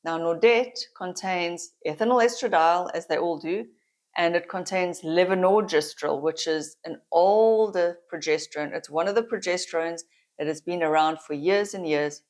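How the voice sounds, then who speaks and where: A middle-aged woman with a South African accent talks to camera in a relaxed, confiding vlog chat. Her voice sits a little low, and she often breaks into laughter between thoughts. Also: normal speed. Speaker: vlogger.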